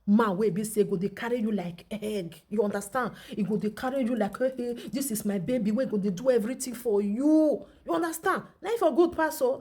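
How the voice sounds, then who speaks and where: A woman's voice: medium pitch, darkish tone, slightly rough. A woman with a Nigerian accent giving chatty, teasing gossip commentary in a vlog, laughing often. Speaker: social media commentator.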